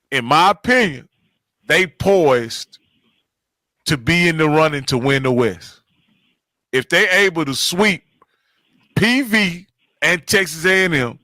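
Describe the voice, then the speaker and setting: Casting note: emphatic male sports panelist, higher voice, bright and forward tone, dry close sound. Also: no room sound. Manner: emphatic, repeats himself, laughs often. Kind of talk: casual sports talk.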